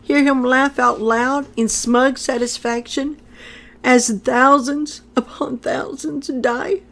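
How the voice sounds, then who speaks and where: A woman's voice: high voice, fairly even intonation, slow, creaky, a bit bright. A woman delivering a prophetic message in a solemn, declamatory way, repeating phrases for emphasis. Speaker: prophetic speaker.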